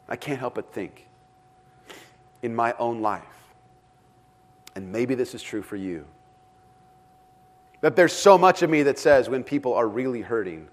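A man preaching a sermon as pastor, dramatic in delivery and often dropping to a hush for emphasis. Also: medium pitch, lively intonation, unhurried, pauses often, a little hiss or hum. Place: church with several rooms.

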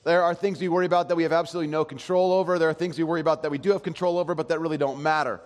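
A man's voice: on the high side, fairly even intonation. A man in his thirties preaching a sermon, telling a family story in a casual, rambling way with many restarts. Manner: soft slow prayer voice. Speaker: pastor. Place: church sanctuary. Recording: long hall reverb.

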